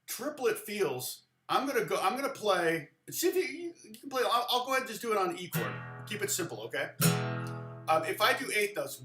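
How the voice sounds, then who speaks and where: A middle-aged man teaching a live-streamed guitar lesson in a loose, chatty way, often counting rhythms out loud. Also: high-pitched, very animated, normal speed, echoey room. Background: guitar playing.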